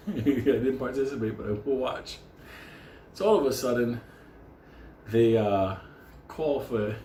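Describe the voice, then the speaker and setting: A man's voice: mid-range voice, slight background noise. A man telling a story casually, swearing often and laughing through it. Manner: profane, laughing, animated. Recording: echoey room with faint ambience.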